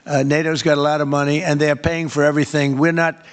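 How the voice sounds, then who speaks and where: An older man holds forth at a press gaggle, his voice sitting a touch high. He rambles and repeats himself, leaning hard on key words. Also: flat delivery, quick pace, clear, resonant tone. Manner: rambling, repetitive, emphatic. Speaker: head of state answering press questions.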